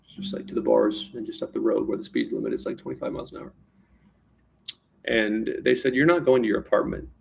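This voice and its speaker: A man's voice: on the low side, big pitch swings, fairly quick, gravelly, darkish tone, slight background noise. A man telling a rambling personal story in a casual spoken style, often restarting and repeating words.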